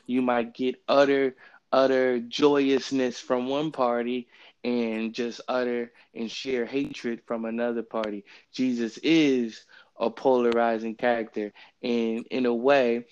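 A man hosting a casual Bible study podcast, talking in a relaxed, rambling way with plenty of fillers, recorded remotely on his phone. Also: medium pitch, clear, resonant tone, highs cut off. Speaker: podcast host. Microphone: phone app, remote recording.

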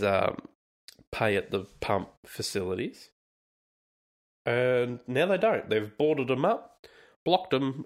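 A man's voice: mid-range voice, fairly bright tone. An Australian man hosting a comedic podcast, ranting in a sweary, sarcastic and rambling way. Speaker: podcast host.

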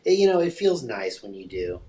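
A man joining a casual podcast chat over a video call, joking and quick to laugh and agree. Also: lowish voice, sing-song, warm tone.

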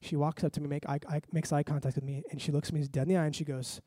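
A man pastor preaching a sermon, telling a story with lively asides and acting out his own reactions. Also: a little high, fast, no echo. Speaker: lead pastor.

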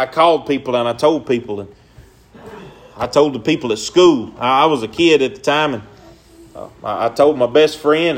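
A young man preaching a sermon in an earnest, repetitive way, with folksy, casual grammar. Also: medium pitch.

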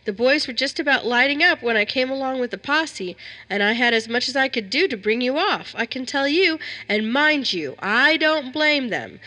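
A male frontier sheriff from a spoken story, folksy and matter-of-fact, as a woman reader puts him on. His tone is bright and carrying. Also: high-pitched, expressive, moderate pace, voice pushed up. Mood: reassuring. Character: gruff but fair frontier sheriff, male.

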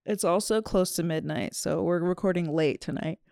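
A woman's voice: fairly low pitch, normal speed, gravelly, a little mellow, dry recording. A young woman co-hosting a podcast, teasing her co-host and laughing easily. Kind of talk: casual chat.

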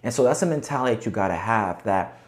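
A man's voice: fairly low pitch, expressive, fast talker. A man hosting a podcast, talking casually and coaching listeners with frequent rhetorical check-ins. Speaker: podcast host. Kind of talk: casual motivational monologue.

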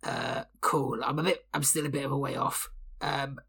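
A man's voice: medium pitch, fairly even intonation, normal speed, gravelly, pushed and bright, husky. A man playing in a tabletop game, talking hesitantly with many fillers. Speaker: player.

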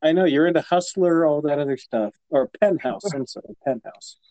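A man's voice: fairly high pitch, brisk, warm tone, no room sound, rough recording. A man co-hosting a podcast in casual chat, rambling and hesitant and easily flustered. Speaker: podcast co-host.

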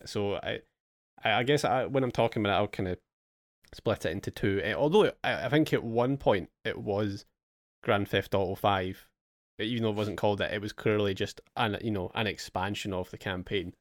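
A young man with a lowish voice hosts a casual gaming podcast. He tells long relaxed stories and swears freely. The sound is dry and close. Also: normal speed, dry recording. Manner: relaxed storytelling, swears, acts out his past excitement. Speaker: podcast host. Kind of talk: casual chat.

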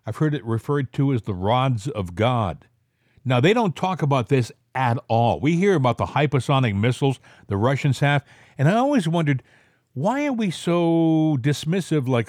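Male host, mid-pitched, rambling delivery, dry close mic. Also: very animated, darkish tone, no echo. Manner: rambling, halting restarts. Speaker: podcast host. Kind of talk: casual political chat.

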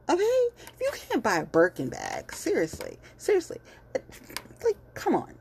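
A woman's voice: low voice, wildly swooping pitch, a little slow, creaky, a little mellow, slightly rough. A woman ranting bluntly and heatedly in casual commentary, cursing freely and repeating herself with lots of fillers. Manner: fillers and repetitions. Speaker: vlogger.

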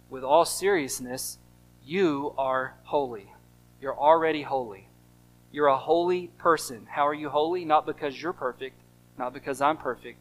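An American pastor delivers a sermon in a slightly higher than usual male voice. He drives points home by repeating short phrases, rising in volume on the stresses. He drops to a hush for the asides. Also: poor audio. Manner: emphatic, repeats key phrases, swings between loud stresses and quiet drops.

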